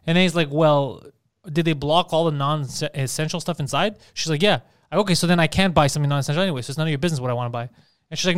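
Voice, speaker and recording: A man co-hosting a podcast, telling stories in rapid, animated bursts and swearing freely. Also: fairly high pitch, clear, resonant tone. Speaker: podcast co-host. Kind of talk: casual podcast banter.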